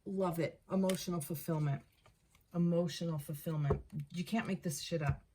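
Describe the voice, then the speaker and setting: A woman giving a casual tarot card reading, thinking aloud, repeating herself and getting excited over the cards. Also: on the low side, normal speed, noisy background. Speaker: tarot reader.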